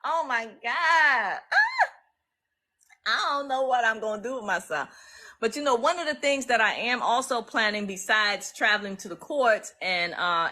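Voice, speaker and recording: A legal activist from the US East Coast, with a mid-range voice, streams live from her phone and talks casually to viewers. She's emphatic, excitable, and repeats herself a lot.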